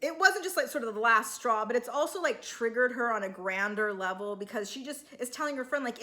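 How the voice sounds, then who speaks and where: A woman's voice: on the high side, animated, brisk, few pauses, bright, forceful tone. A woman giving a casual, heated recap of a reality show, chatty and full of filler words.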